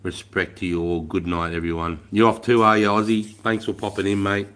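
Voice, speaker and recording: An Australian man in his forties, chatting casually on a livestream, blunt and rambling, swearing freely, calling everyone mate, and often trailing off quietly. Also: sits low, little pitch movement, fairly quick, clean tone. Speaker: livestream host.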